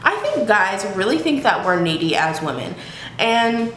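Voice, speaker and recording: A YouTube vlogger with a mid-range, fairly bright, sing-song voice chats to camera at home at a moderate pace. She's frank and profane and laughs often. There's echo in the room and a faint hiss underneath.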